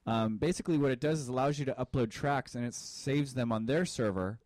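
A man's voice: medium pitch, a little fast, a little mellow, no room sound. A man co-hosting an internet radio show, teasing his partner with dry humor and explaining things plainly. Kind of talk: casual banter on air.

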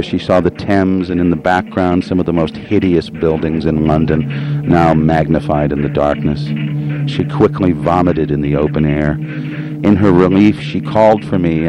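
A man narrating a literary audiobook in a somber, measured, brooding manner. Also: extremely low pitch, poor audio. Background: music.

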